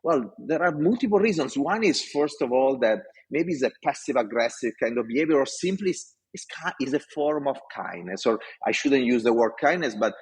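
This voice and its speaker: A man's voice: medium pitch, a little fast, few pauses, husky, poor audio. A man in his forties from Italy, with an Italian accent, passionately telling stories as a podcast guest. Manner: passionate, animated storyteller. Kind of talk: interview storytelling.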